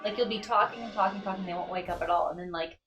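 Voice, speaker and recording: A woman's voice: mid-range voice, fast, distant mic, loud music behind the voice. A woman chatting casually on a live stream, playful and talkative, cracking jokes and puns.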